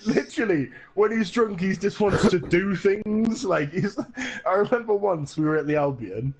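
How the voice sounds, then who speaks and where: A man's voice: high-pitched, moderate pace, vocal fry, darkish tone, a little hiss or hum. A man co-hosting a podcast, telling stories in casual chat with lots of laughing and swearing. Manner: laughing, crude banter. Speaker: podcast co-host.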